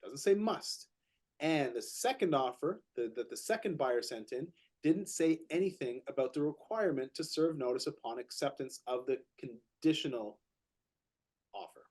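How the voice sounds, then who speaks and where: A man's voice: mid-range voice, normal speed. A man co-hosting a podcast, telling a real estate story in casual chat, repeating words as he gets going and acting out what others said. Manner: animated, repeats words when excited, acts out quotes.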